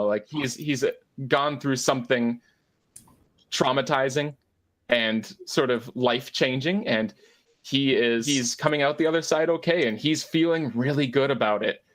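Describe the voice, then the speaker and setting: A man's voice: medium pitch, moderate pace, a bit bright. A man narrating as game master of a tabletop game, with frequent fillers and restarts. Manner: hesitant, many fillers and restarts.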